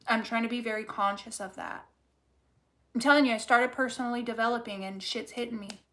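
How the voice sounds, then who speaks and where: A tarot reader with a slightly high, a bit bright voice reads cards casually and off the cuff, talking straight to the viewer. She's blunt and swears freely, hammering her points home by repeating them, in a steady tone at a little fast pace.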